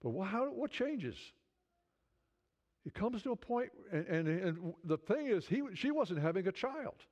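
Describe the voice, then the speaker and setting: In dull lo-fi sound, a man with a high voice, big pitch swings and a darkish tone preaches at a measured pace. His sermon is conversational, marked by stumbling restarts, and builds toward fervent appeals.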